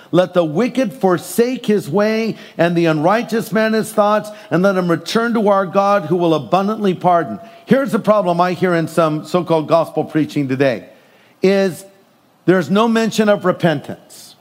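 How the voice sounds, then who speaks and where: Middle-aged guy preaching, kinda high voice, lively, does little voices for his stories. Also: moderate pace. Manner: animated preaching, acts out voices in stories and jokes. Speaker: pastor. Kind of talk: sermon.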